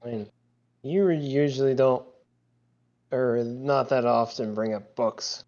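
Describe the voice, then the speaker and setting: A man's voice: mid-range voice, steady tone, slow pace, a little mellow, highs cut off. A man co-hosting a film podcast in casual chat, laid-back and hedging his words. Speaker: podcast co-host.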